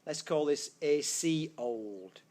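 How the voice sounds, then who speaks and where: A man's voice: on the high side, animated, slow pace, darkish tone. A man teaching a physics class, explaining step by step in a classroom and correcting himself as he goes. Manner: explanatory, thinks aloud, self-correcting. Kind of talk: classroom lecture. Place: classroom with students. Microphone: tablet screencast mic.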